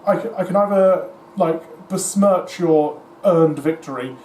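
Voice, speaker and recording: A man's voice: on the high side, unhurried, a little mellow. A man co-hosting a tabletop wargame battle report, talking in a tired, rambling, self-mocking way. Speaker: tabletop wargame player and co-host. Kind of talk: casual battle-report chat. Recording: echoey room with faint hiss.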